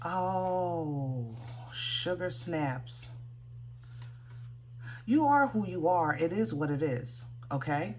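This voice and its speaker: A woman's voice: on the low side, animated, slow, hardly any pauses, a little hiss or hum. A woman giving a casual tarot reading, thinking aloud with many fillers and restarts. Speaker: tarot reader.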